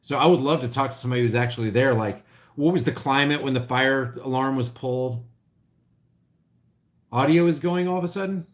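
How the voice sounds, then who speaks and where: A middle-aged man talks casually to his livestream viewers in a medium-pitched voice. He rambles, restarts his sentences and reacts to chat, his level rising and dropping as he goes. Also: brisk. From Oklahoma. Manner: rambling, restarts, swings loud and quiet. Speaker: vlogger reading live chat.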